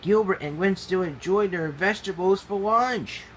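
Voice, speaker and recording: A man reading his own animal storybook aloud, halting and ungrammatical. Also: sits high, fairly bright tone, a little hiss or hum, rough recording.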